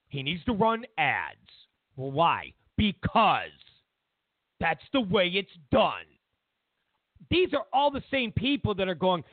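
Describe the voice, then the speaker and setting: Animated ranting man, tinny phone-like sound. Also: measured pace, no echo. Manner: ranting, mocking, acts out quotes in high voices. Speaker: political talk show host. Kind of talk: opinionated political commentary. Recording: tinny narrowband audio.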